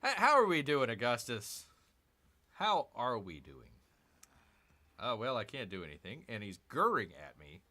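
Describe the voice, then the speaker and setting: Lively, chatty gaming streamer man. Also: mid-range voice, measured pace, long pauses. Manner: chatty, muttering asides, playful mock growls. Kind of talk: casual live gameplay commentary.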